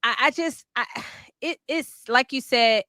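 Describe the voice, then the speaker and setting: A woman commentator in a casual panel chat, animated and laughing, with many restarts. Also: high-pitched, slow pace, no echo, clean studio sound.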